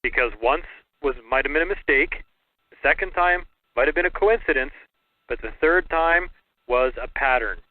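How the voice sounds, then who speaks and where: A man hosting a call-in radio talk show, speaking plainly and briskly. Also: on the high side, no echo. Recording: tinny phone line.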